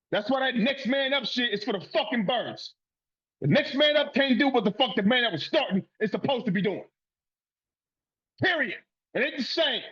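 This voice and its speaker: Male sports podcast host, high husky voice, heated profane rant, lo-fi recording. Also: fairly bright tone. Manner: profane, fired-up and ranting.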